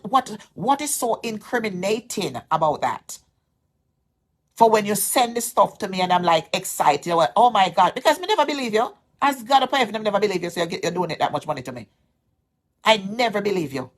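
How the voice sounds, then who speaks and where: A Jamaican woman vlogging in a heated callout, her voice sitting somewhat low. She presses her complaint insistently and circles back over the same points again and again, aggrieved. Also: slightly rough. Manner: aggrieved, insistent, repeats herself. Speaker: social media vlogger. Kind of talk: heated direct-to-camera callout.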